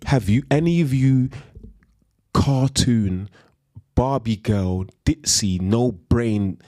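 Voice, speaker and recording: A man's voice: medium pitch, a little mellow, no room sound. A man ranting on a live stream in a heated, emphatic way, repeating slang tags as he goes.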